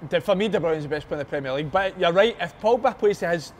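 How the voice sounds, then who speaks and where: A man's voice: high voice, animated, fast talker, slight background noise. A Scottish man on a football podcast, emphatic and matey in his opinions. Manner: emphatic, calls people mate. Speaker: podcast panelist. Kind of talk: casual football chat.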